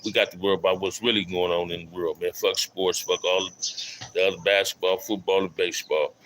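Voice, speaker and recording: A deep-voiced middle-aged man talks loosely to his livestream audience, repeating himself and shouting out viewers by name in street slang. His voice is low but bright and forceful, with a faint hiss of room noise behind it. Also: little pitch movement, fairly quick, low-quality recording. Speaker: livestream host. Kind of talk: casual live stream talk reading chat.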